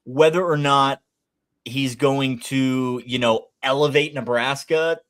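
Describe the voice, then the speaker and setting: A man's voice: mid-range voice, fairly even intonation, slow pace, fairly bright tone. A man hosting a sports betting show, chatty and upbeat as he runs through picks for viewers. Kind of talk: casual sports betting talk.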